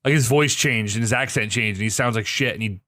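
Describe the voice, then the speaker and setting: A young man co-hosting a podcast, ranting in a profane, exasperated way with sudden jumps up in pitch. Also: quick pace, sharp tone, no echo, clean studio sound. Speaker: podcast co-host. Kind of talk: casual chat.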